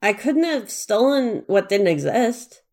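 A woman playing a tabletop role-playing game, bantering in a quick, indignant way. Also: mid-range voice, big pitch swings, a little mellow. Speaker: player.

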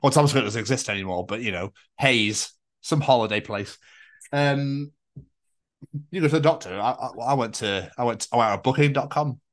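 A man's voice: mid-range voice, a little fast. A man with a British accent hosting a podcast, telling a rambling, jokey story and swearing freely. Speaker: podcast host. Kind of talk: casual podcast chat.

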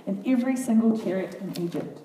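A woman reading a children's Bible story aloud to a group, with earnest, expressive comments between passages. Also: medium pitch, a little fast. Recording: echoey room, far from the mic, faint noise.

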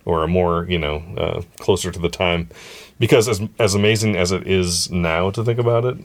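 A man's voice: sits low, normal speed. A man hosting a casual podcast, easygoing and chatty. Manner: easygoing, chatty, fillers and restarts. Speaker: podcast host.

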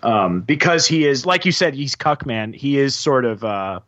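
A man co-hosting a casual film discussion, explaining in a halting way with many fillers. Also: medium pitch, animated, a bit bright, no echo. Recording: dull lo-fi dry sound.

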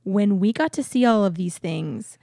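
A young woman co-hosting a relaxed podcast, talking in a chatty, rambling way and laughing easily. Her voice sits at a middle pitch. The sound is dry and close to the mic. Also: moderate pace, gravelly, no room sound. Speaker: podcast co-host. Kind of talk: casual chat.

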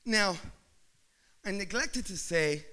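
A man telling a humorous personal story to an audience, acting out the scenes and building up to shouts. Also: high voice, takes it slowly. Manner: animated, acts out scenes, rising to shouts.

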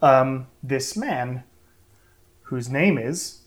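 A game master narrates a tabletop game around a table, loose and rambling, with frequent ums and soft laughs. The room is echoey, and the voice sits at a middle pitch. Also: moderate pace. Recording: roomy table recording.

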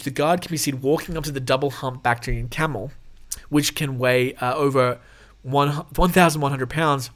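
Hosting his own show, a man whose voice sits on the high side and sounds a bit bright reads animal news stories aloud. He's jokey and irreverent, cracking casual jokes and laughing a lot.

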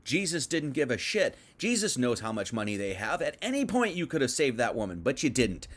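A man's voice: mid-range voice, very animated, brisk. Man preaching in a casual livestream. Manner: conversational, swings from quiet asides to emphatic outbursts; reads scripture aloud then paraphrases it loosely. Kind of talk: livestreamed Bible teaching.

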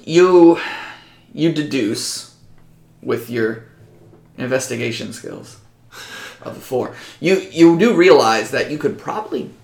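Game master man with a gravelly voice. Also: medium pitch, animated. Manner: casual, halting with fillers. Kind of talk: narrating a tabletop game. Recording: echoey room.

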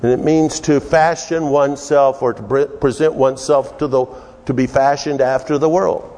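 A man preaching a sermon, working through scripture in an unhurried, halting way with many restarts. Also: mid-range voice, fairly even intonation, a little mellow. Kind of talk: sermon with verse study. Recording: long hall reverb.

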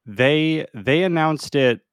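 A man's voice: a little high, slow, no echo, studio quality. A young man co-hosting a podcast, chatting casually and laughing along. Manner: relaxed, laughs along, some fillers. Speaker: podcast co-host. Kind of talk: casual chat.

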